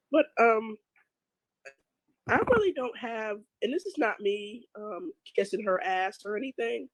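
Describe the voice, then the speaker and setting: A woman guest in a casual chat whose voice is rough from a cold, agreeable and quick to laugh. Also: on the high side, dry recording, low-quality recording. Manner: agreeable, laughs easily, talks in restarts.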